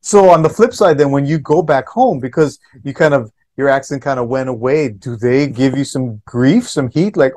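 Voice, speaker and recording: A friendly man hosts a relaxed radio interview. He poses long, meandering questions and chuckles now and then, with a voice of ordinary male pitch. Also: moderate pace, hardly any pauses. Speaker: radio show host, interviewer.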